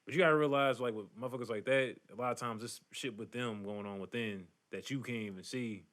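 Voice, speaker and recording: A man's voice: mid-range voice, brisk, fairly bright tone. A man co-hosting a casual podcast, recapping a show in a rambling way with lots of fillers. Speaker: podcast co-host. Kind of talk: casual chat.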